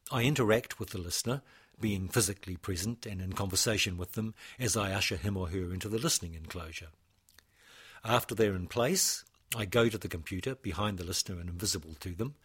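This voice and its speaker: A man, a composer, presenting his own work in a measured, formal, read-out lecture. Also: fairly low pitch, breathy edge.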